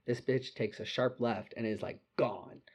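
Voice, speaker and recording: A young man telling a drunken night-out story in casual chat, animated and full of "like" and swearing. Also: mid-range voice, unhurried, breathy edge.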